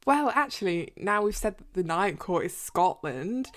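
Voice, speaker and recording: A woman's voice: mid-range voice, a little slow. Giggly English woman podcast co-host. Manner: animated, giggly, many "like" fillers. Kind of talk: casual chat.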